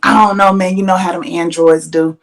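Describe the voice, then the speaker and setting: A woman's voice: on the low side, fairly even intonation, a little fast, close to an everyday voice. Woman quoting a dismissive man on a date. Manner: mumbling, brushes off questions.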